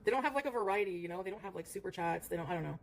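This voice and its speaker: A woman's voice: on the low side, expressive, racing, a little hiss or hum. A woman streamer chatting casually in a rambling way, full of fillers, and cooing at her cat between remarks. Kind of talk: casual livestream chat.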